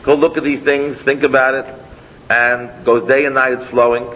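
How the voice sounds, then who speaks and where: A rabbi giving an animated, rambling Torah class, his talk dotted with Hebrew and Yiddish words. His voice carries a long hall reverb. The recording is dull and lo-fi, with a faint hiss underneath. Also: medium pitch, normal speed.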